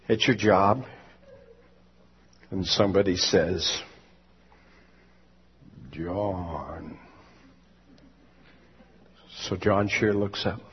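Husky preacher man telling a story in a sermon, slow-ish, lo-fi sound. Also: medium pitch, in a large hall. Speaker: pastor. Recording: dull lo-fi sermon recording.

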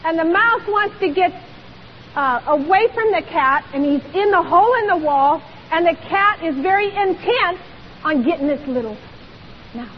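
A woman's voice: extremely high pitch, lively intonation, moderate pace. A woman preacher delivering a sermon in church, emphatic and full of rhetorical questions. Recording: dull lo-fi recording with long hall reverb and faint hiss.

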